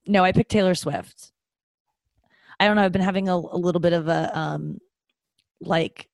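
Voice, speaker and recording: A woman's voice: on the low side, darkish tone, no room sound. A woman hosting a podcast, talking in a casual confessional way, rambling with many fillers and restarts, candid and self-mocking. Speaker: podcast host.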